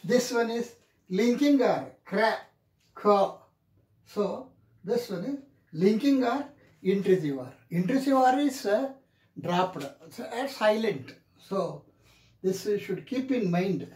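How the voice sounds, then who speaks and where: A male teacher gives a slow, careful classroom lecture and repeats each example word several times. His pitch rises and falls a lot as he drills the words. The room sounds roomy and echoey. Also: animated, a little mellow. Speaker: English pronunciation teacher.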